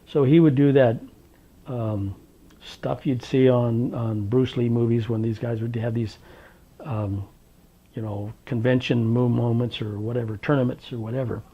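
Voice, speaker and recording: A man from Washington state recounting his past in an oral history interview, unhurried and wry, with plenty of ums and uhs. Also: mid-range voice, fairly even intonation, husky, lo-fi sound. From Tri-Cities, Washington, USA. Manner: unhurried, wry storytelling with many fillers.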